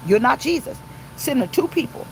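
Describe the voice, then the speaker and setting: A woman's voice: high voice, expressive, normal speed, a little hiss or hum, rough recording. A woman pastor preaching an informal livestream sermon, emphatic and repeating her points to viewers. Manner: emphatic, repeats phrases, talks to live viewers.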